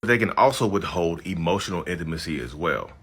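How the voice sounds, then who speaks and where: A man's voice: low voice, expressive, fairly quick, slightly rough. Chatty man talking straight to camera. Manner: chatty, repetitive, says "y'all" often, emphatic. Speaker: YouTube host. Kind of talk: casual direct-to-camera talk.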